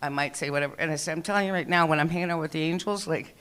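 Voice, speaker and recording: A woman's voice: sits low, rapid-fire, fairly bright tone. A middle-aged woman doing rambling open-mic stand-up on a small club stage, swearing and acting out the people in her stories. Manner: chatty, rambling, swears, acts out quoted people. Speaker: stand-up comedian.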